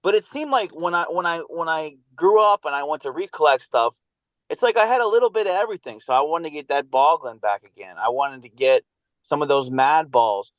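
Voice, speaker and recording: A man's voice: fairly high pitch, expressive, a little fast, dry recording, muffled recording. Rambling, nostalgic man in his thirties. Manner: rambling and nostalgic, with many fillers. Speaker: podcast guest. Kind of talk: casual chat.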